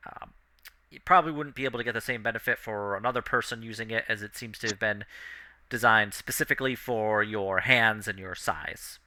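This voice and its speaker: A man's voice: lowish voice, fairly quick, bright, forceful tone, no echo. A man voicing an eager male merchant selling bows, salesy and keen to please. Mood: helpful.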